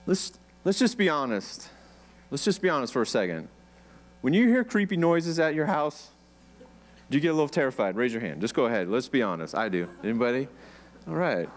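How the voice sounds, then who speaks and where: Conversational American pastor preaching. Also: male voice, mid-range voice, sing-song, fairly quick. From United States. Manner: conversational, asks the congregation questions. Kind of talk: sermon. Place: church.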